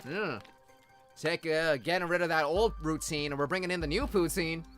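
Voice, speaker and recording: A man playing through a story game on stream, with a higher-than-average and very bright, forceful voice. He switches between reading the game's text and cracking jokes, swearing, and sudden loud shouts. Faint game music plays behind him. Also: moderate pace. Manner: excitable, jokey, swears, bursts into loud shouts. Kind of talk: let's play commentary and reading game text.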